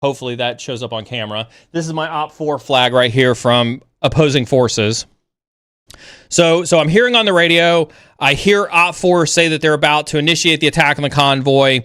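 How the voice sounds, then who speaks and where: A man hosting a livestream, casually telling a story in an animated way with many halting restarts. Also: clean tone, no room sound, studio quality. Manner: animated, rising pitch when excited. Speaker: livestream host.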